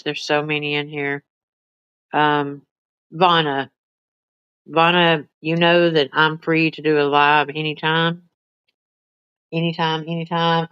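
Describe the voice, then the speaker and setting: Lady rambling on a phone livestream, slow and smooth, dull lo-fi sound. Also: a bit bright, no echo. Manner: rambling, chatty, talks to pets in high baby voice. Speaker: livestream host. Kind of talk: casual livestream chat with viewers.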